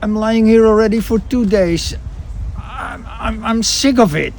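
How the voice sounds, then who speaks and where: A man's voice: high-pitched, unhurried, gravelly, a little mellow, slight background noise, pitched above the performer's own voice. A man voicing an impatient, complaining patient who is fed up with waiting. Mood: whining. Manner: whiny and complaining. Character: impatient man lying in a treatment for days.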